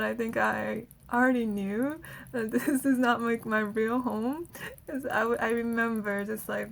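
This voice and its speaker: A woman's voice: a little high, gravelly, fairly bright tone. A woman energy healer giving a casual guided healing talk, chatty and laughing often between phrases.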